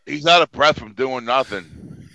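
Blunt, foul-mouthed co-host, bright tone. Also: male voice, mid-range voice, expressive, measured pace, gravelly, no room sound, low-quality recording. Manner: blunt, swears freely, teasing. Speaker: podcast co-host. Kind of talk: casual chat.

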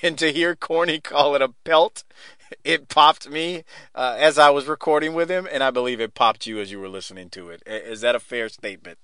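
A man hosting a casual podcast chat who laughs often, swears freely and talks in quick, rambling restarts. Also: medium pitch, fairly bright tone, smooth, no echo, studio quality. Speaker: podcast host. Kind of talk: casual podcast chat recapping a wrestling show.

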